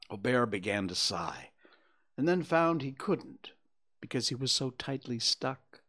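A man reading a children's story aloud with expressive storytelling. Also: medium pitch, unhurried.

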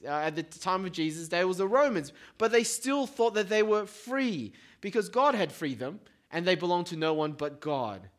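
A man preaching a sermon in a lively, conversational way, asking the congregation to repeat words after him. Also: sits high. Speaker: pastor.

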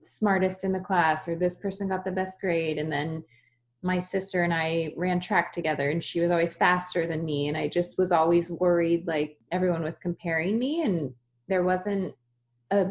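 A woman's voice: on the low side, steady tone, normal speed, highs cut off. A woman in her thirties with young children, talking casually and reflectively as a podcast host, with lots of "like" fillers. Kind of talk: podcast conversation.

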